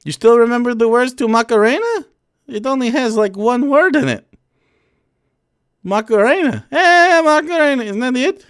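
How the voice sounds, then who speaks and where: A high, soft-voiced "Jan" who talks in small, careful, childlike sentences, a meek European caricature of a male pundit, as a man puts him on. His phrasing is gentle and halting, like someone trying very hard to be nice. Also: lively intonation, clear, resonant tone. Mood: scolding, goofy. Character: meek, simple-minded European parody of a male political commentator.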